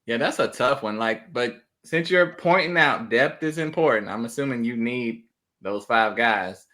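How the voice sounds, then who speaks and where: A man guesting on a sports podcast in a casual chat, easygoing and quick to laugh. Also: medium pitch, animated, sharp tone.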